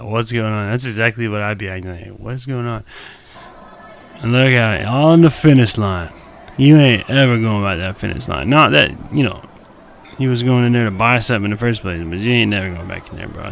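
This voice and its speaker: A man's voice: mid-range voice, creaky, a bit bright, a little hiss or hum. A young man giving loose, slangy reaction commentary on a live stream, talking straight to viewers into a desk mic.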